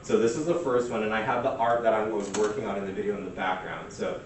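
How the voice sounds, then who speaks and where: A man presenting at a workshop in a relaxed, chatty way, full of fillers. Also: on the low side, fast talker, hardly any pauses, a little hiss or hum. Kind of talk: casual workshop talk. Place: church meeting room. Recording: echoey room recorded from far off.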